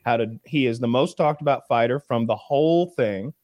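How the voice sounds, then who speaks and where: A man's voice: mid-range voice, normal speed, darkish tone, no echo. Guy arguing his case on a podcast, pushy and emphatic, dry close sound. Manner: argumentative, emphatic. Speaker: podcast co-host. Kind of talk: casual chat.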